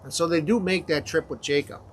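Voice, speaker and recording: A man teaching a confirmation class, retelling a Bible story in a conversational, halting way with frequent fillers. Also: fairly high pitch, a little hiss or hum.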